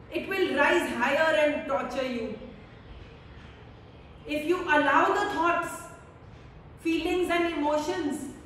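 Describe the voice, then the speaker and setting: A woman with a high voice speaks slowly and calmly, giving a devotional scripture talk with gentle repetition. Her voice is picked up from a distance in a very echoey hall with a long reverb tail. Faint room ambience sits underneath. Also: a little hiss or hum. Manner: slow, calm, meditative delivery with repeated phrases. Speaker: spiritual teacher.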